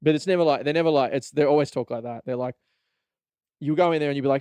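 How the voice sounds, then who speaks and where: This young Australian podcaster rambles through a casual solo rant, cursing freely and laughing a lot with plenty of animation. His voice is on the high side and quick, with a clean tone and no room sound.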